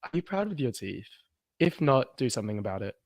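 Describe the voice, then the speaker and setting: A man co-hosting a podcast in casual chat, playful and quick to laugh and react. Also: medium pitch, big pitch swings, no room sound. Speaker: podcast co-host.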